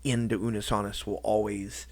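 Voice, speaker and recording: A man talking in a casual personal vlog, halting and rambling, with lots of restarts and fillers. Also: lowish voice, little pitch movement, vocal fry, a little mellow. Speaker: YouTuber.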